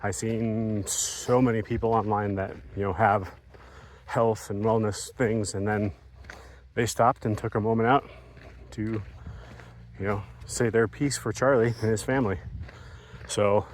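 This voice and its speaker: A man co-hosting a vlog talks slowly and hesitantly in a casual chat, pausing on fillers. His voice sits a little low. A faint outdoor hum is audible behind him. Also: fairly even intonation. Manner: measured, hesitant, filler-heavy. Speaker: vlog co-host.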